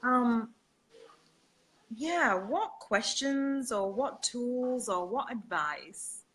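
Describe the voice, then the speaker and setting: A woman's voice: a little high, lively intonation, a bit bright, husky. A woman hosting a casual interview, asking questions and chiming in encouragingly with her guest. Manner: encouraging, quick to laugh along. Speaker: host.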